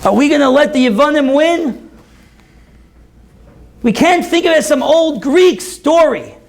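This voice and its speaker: A man who is a rabbi and teacher, giving an impassioned sermon at an event that builds to near-shouts. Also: extremely high pitch, lively intonation, unhurried. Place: event hall.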